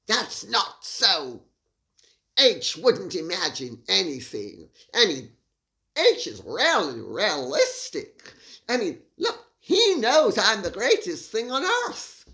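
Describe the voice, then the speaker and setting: A woman doing a mocking impression of a vain, self-pitying woman of status, whining in a high, quavering, half-crying voice. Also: very animated, slow pace, pushed and bright, full character voice. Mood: smug. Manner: mocking parody, overdramatic whining.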